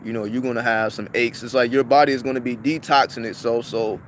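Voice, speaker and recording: Guy rambling thru a story for his viewers, cusses a lot, repeats himself, mid pitch, faint street noise behind. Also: fairly even intonation, quick pace. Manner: profane, repetitive, restarts often. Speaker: vlogger.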